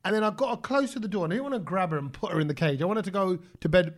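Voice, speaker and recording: A man tells an animated story on a podcast, acting out what people said. His voice sits high for a man and he talks quickly, jumping between asides. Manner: animated, acts out quotes, says "bruv" often. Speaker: podcast co-host. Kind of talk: casual chat, storytelling.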